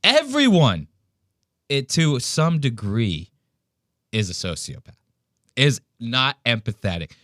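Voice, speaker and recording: A man hosting a podcast, mocking a clip with profane, animated reaction commentary. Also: medium pitch, takes it slowly, pauses often, no echo, clean studio sound. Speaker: podcast host.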